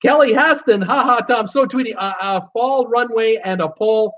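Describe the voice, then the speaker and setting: A middle-aged man with a fairly high voice hosts a live stream, reading out viewer comments in a loose, jokey way. The audio is dull and lo-fi, like a home streaming setup. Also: normal speed. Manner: chatty, jokey, reads comments aloud with bursts of laughter. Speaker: host of a live cruise show.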